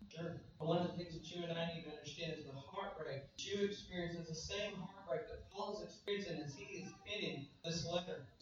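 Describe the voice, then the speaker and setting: A man preaching a sermon, animated and full of rhetorical questions, often checking in with "right?". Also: on the high side, brisk, few pauses, a little hiss or hum. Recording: echoey hall, distant, dull lo-fi.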